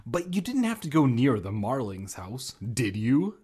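A man's voice: mid-range voice, big pitch swings, a little slow, darkish tone, husky. A man reading aloud and voicing a stern, worried middle-aged aunt who speaks in curt, scolding lines.

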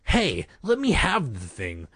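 A man's voice: on the high side, huge pitch swings, slow pace, fairly bright tone, breathy edge, no echo, pitched above the performer's own voice, heavily acted. A man voicing a timid young boy who talks in a meek, nervous way.

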